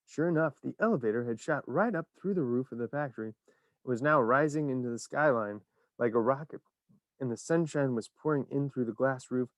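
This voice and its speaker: A man narrating a children's story in an expressive, animated reading. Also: mid-range voice, a little fast, dry recording.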